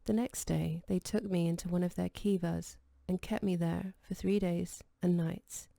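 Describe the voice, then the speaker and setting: A woman reading the lines of a gentle, quietly insistent man in a calm, even voice. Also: fairly low pitch, normal speed, creaky, no echo, studio quality. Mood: recounting.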